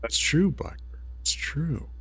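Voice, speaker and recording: A man's voice: on the high side, lively intonation, a bit bright, husky, in a whisper. A man streaming a puzzle game live, chatting casually and reading viewer jokes aloud. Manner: reads chat jokes aloud, slow and musing. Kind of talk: casual live-stream chat while gaming.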